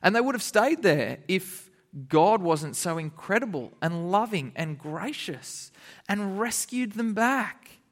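Animated high-voiced man teaching kids. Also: slow pace. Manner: animated, laughing, acts out characters. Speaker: children's Bible teacher. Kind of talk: lively kids' sermon.

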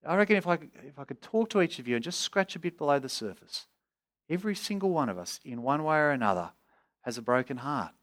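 A man's voice: on the high side, lively intonation, quick pace, fairly bright tone. Earnest male preacher. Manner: earnest, rising with voiced pleas. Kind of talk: expository sermon.

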